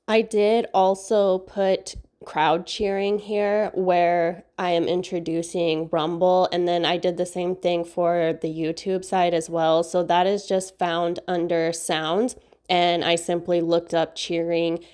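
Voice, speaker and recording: A woman hosting a software tutorial, upbeat and enthusiastic, her voice nasal from a recent cold. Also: on the low side, level tone, slow, clean tone. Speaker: video tutorial host. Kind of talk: screen-recorded software tutorial.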